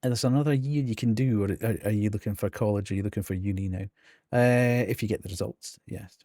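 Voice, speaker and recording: A man's voice: fairly low pitch, fast talker, dark tone, dry recording, clean studio sound. A middle-aged man with a Geordie accent, chatting casually on a live game stream, laughing often between ums and restarts.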